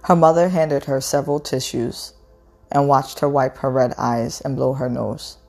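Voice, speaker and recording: A woman reading a novel aloud in a measured, unhurried way, with an occasional stumble over a word. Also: a bass voice, steady tone, creaky, darkish tone, faint music behind.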